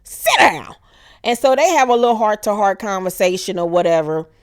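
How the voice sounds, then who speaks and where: Animated woman recapping a TV show. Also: medium pitch, fast, smooth, no echo, clean studio sound. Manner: animated, acts out characters in exaggerated voices. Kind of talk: casual profane TV recap.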